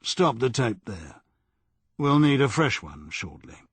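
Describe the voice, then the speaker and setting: A man's voice: medium pitch, very animated, slow pace, husky, no room sound, exaggerated voice. Man reading a blunt, dogged police detective. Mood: pressing. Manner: firm, pressing questions.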